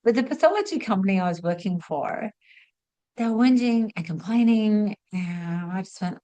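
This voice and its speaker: A middle-aged woman who hosts a spiritual masterclass, giving a chatty, expressive motivational talk to camera. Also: medium pitch, normal speed, rough recording. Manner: chatty and expressive, acts out little quotes. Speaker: spiritual teacher hosting a masterclass.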